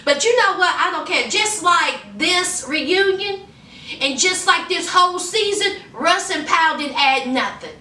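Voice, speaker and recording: A young woman who recaps in a sassy, animated and gossipy way. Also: very high voice, measured pace, far from the mic, a little hiss or hum. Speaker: YouTube recap host. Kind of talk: casual chatty recap. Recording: roomy echo, off-mic.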